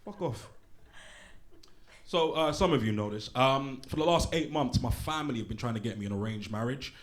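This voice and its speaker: A man, performing a brash, profane, animated stand-up set in a small venue. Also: mid-range voice, fast. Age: late 20s. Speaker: stand-up comedian. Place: small comedy pub venue, live audience. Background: audience laughter.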